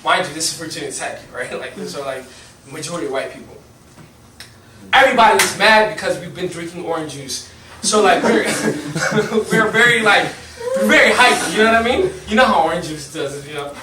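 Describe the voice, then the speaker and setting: Young male preacher, animated storyteller, high voice, echoey hall, mic set at a distance. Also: normal speed, background noise. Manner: animated storytelling, laughing, lots of fillers. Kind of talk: sermon. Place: church hall.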